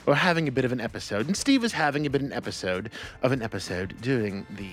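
A man's voice: mid-range voice, animated, fast, soft background music. An American man hosting a radio show in a studio, talking casually and animatedly with lots of laughs and restarts. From United States. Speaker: radio host. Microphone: studio microphone.

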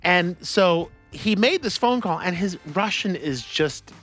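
A man's voice: high voice, expressive, measured pace, a bit bright, faint music behind. An American man hosting a radio show in a studio, talking casually and animatedly with lots of laughs and restarts. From United States. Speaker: radio host. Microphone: studio microphone.

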